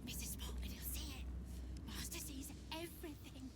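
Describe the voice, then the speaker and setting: A woman's voice: sits high, normal speed, in a whisper, natural voice. A woman voicing a frantic, anxious female servant in a video game, talking in a manic, fretful rush.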